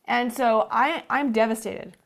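A woman in her thirties, a guest alongside her husband, telling what happened in a clear, matter-of-fact way. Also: fairly high pitch, fairly even intonation, a little slow, fairly bright tone, a little hiss or hum. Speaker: guest, his wife. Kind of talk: conversational storytelling.

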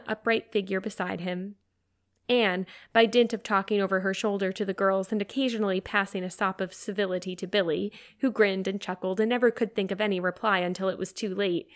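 In a scripted audiobook reading of a classic novel, a woman with a mid-range voice tells the story in a calm, measured, even way.

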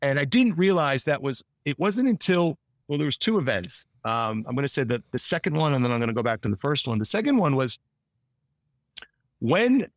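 An actor guest in an interview speaks with a medium-pitched, fairly quick voice, recorded with no echo. He tells stories in a rambling, casual way, often restarting his sentences and acting out quoted lines in lively voices.

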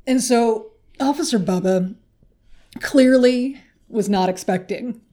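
A woman's voice: fairly high pitch, takes it slowly, mellow. A woman co-hosting a casual podcast, telling a comic story with lots of laughter and swearing. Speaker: podcast co-host.

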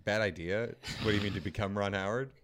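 A man co-hosting a comedy podcast, throwing in quick jokes and questions in casual chat. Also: fairly low pitch, heavy background noise. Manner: quick jokey interjections.

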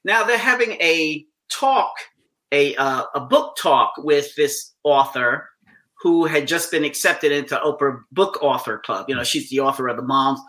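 A male comedian chats through a story in a bright, forceful voice sitting a touch high. He acts out each person he quotes and gets animated at the punchlines. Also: measured pace. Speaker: stand-up comedian. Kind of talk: casual storytelling.

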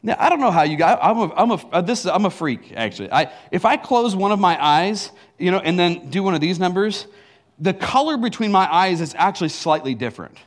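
A male pastor with a high voice preaches in a church, telling a story in an animated way. He breaks into laughs and acts out asides. He sounds middle-aged. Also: fairly quick. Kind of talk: sermon.

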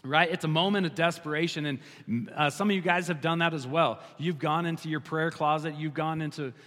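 A pastor delivering a sermon, a man with a slightly raised voice who grows animated and then slows down hard on his key lines. His voice rings out with a long reverb, as in a large church hall. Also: a little high.

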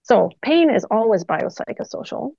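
A middle-aged woman talks through her work as a physiotherapist, acting out the dialogue in her stories. Her voice has a gravelly edge. The recording sounds dry and a little dull. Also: fairly high pitch, normal speed, no room sound. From Canada. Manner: animated anecdotes with quoted dialogue. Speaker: physiotherapist guest. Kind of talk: casual interview storytelling.

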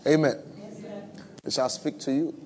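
A man's voice: on the high side, flat delivery, measured pace, dark tone, a little hiss or hum. A man with a West African accent preaching a sermon to a church audience, conversational and humorous, repeating his phrases for emphasis. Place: church with live and online audience.

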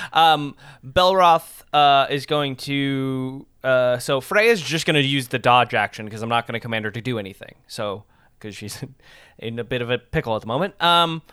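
A tabletop game player who thinks out loud with "um" and gets excited over dice rolls. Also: medium pitch, clean tone, dry recording, studio quality. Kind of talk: casual tabletop game chat.

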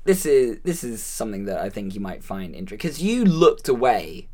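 A woman co-hosting a relaxed conversation about a film, sharing bits of trivia and laughing easily. Her voice sits low but moves up and down with lively, animated pitch. She talks loosely, with plenty of restarts. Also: moderate pace. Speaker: podcast co-host. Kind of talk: casual film chat.

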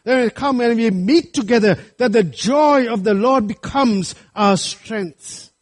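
A man's voice: very high voice, measured pace. A man preaching a sermon, earnest and rising to fervent appeals to his congregation. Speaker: pastor.

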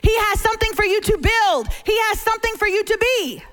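A middle-aged woman preaching as a guest speaker from a church stage, telling stories with animated humor. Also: very high-pitched, brisk, soft background music. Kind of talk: sermon. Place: church stage before a congregation.

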